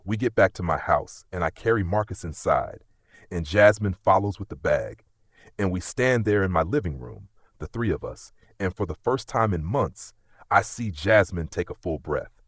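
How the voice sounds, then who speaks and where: A man tells a dramatic first-person story in a low, husky voice. His delivery is intense and emotional, with lively swings in pitch. The recording is dry and close. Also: moderate pace, dry recording. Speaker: story narrator.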